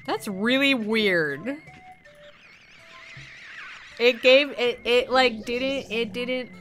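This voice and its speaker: A woman giving loud, profane commentary over gameplay, scolding and cheering the characters on screen and laughing often. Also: fairly high pitch, extremely slow, soft background music. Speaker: gaming video creator.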